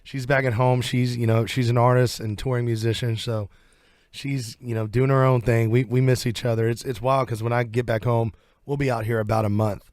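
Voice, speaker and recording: A man's voice: medium pitch, a little fast, dry recording. Southern US man, country singer guest, loose rambling chat, dry close studio sound. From southern United States. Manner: relaxed, rambling, laughs easily. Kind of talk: casual interview chat. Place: radio studio.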